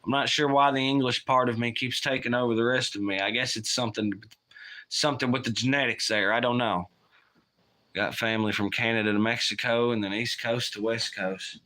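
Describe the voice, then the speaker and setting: A man's voice: mid-range voice, sharp tone. A man hosting a casual livestream, rambling and swearing while he reads chat aloud. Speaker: livestream host.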